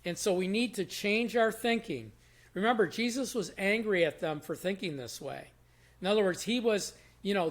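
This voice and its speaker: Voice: mid-range voice, moderate pace. A Bible teacher giving a short devotional in a casual, conversational way, explaining verses in everyday words and often restarting phrases. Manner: repeats and restarts phrases while thinking aloud.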